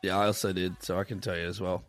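A man's voice: deep voice, level tone, racing, no room sound. A man co-hosting a comedy podcast, with a dry, ironic and teasing manner. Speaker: podcast co-host. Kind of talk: casual comedy chat.

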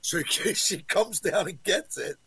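Gravelly, husky middle-aged man. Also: high-pitched, slow pace, bright, forceful tone, no room sound. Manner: swears freely, tells stories with quoted dialogue. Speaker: co-host. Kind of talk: casual profane banter.

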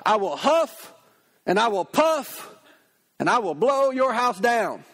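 A hungry, menacing big bad wolf growls out his threats slowly, put on by a man telling the tale. The voice sits high for a man, and it has the feel of a storybook told aloud. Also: very animated, fairly bright tone, in a large hall, exaggerated voice. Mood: threatening.

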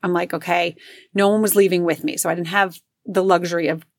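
A woman's voice: lowish voice, steady tone, brisk, dry recording, studio quality. A middle-aged woman telling a personal story in a casual, chatty way, full of fillers and acted-out quotes. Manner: chatty, filler-heavy, acts out quotes in raised voices.

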